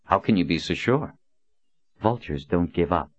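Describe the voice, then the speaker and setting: A man's voice: sits low, expressive, moderate pace, husky. A man reading an earnest young hero. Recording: dull lo-fi recording.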